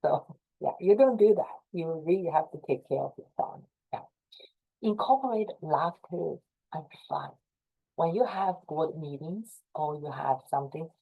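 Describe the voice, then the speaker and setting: A middle-aged Chinese woman with a Chinese accent advises fellow association leaders on a video call, her lowish voice warm but captured in a low-quality recording. The talk is informal and meant for a professional group, and she comes across as earnest, repetitive and encouraging.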